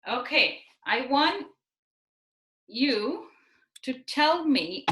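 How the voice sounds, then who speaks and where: A woman guides children through yoga over a video call, unhurried and encouraging. Her voice is high and bright, and her words come slowly. The sound is roomy and echoey. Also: far from the mic. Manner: patient, encouraging, slow and clear. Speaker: kids' yoga teacher. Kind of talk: online class instruction for children.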